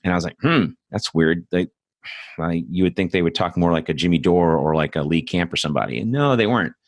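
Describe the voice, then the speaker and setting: A man with a low voice talks fast in clean studio sound with no echo. He hosts a political commentary show, delivering a blunt, profane, rambling monologue full of asides.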